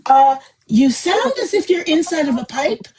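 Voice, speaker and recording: A woman's voice: sits high, lively intonation, normal speed, a little mellow, rough recording. A woman hosting a live group discussion, talking casually and at length in a chatty, effusive, rambling way over a home computer mic. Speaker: host of a live book club discussion.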